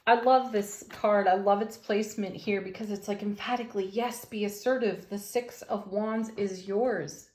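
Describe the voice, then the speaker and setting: A woman giving a daily tarot reading, gentle and enthusiastic, with affirming words for her viewers. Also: medium pitch, steady tone, moderate pace, hardly any pauses. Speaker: tarot reader. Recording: roomy echo.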